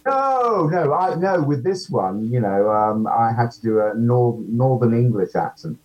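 A man's voice: medium pitch, animated, a little slow, a little mellow. Man, actor guest, casual interview, self-deprecating, hesitant ums, dull lo-fi audio.

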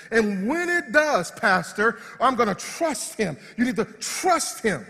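A pastor preaching with a high, slightly husky voice. He moves from loud shouts of praise to quiet, hushed asides. His words ring out through a large hall with a long reverb. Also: sing-song, unhurried, few pauses, some chatter behind. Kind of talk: sermon.

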